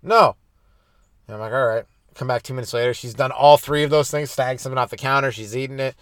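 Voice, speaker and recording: A young adult man hosting a comedy podcast, stoned and rambling loosely through jokes with sudden animated bursts. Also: mid-range voice, fast, smooth, no echo, studio quality. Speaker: podcast host.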